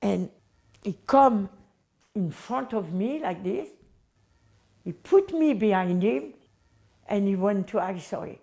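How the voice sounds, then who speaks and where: Brief: French woman telling a memory, slow and emphatic, searching for words. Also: mid-range voice, lively intonation, vocal fry, mellow. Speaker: devotee recalling memories. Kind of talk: personal reminiscence.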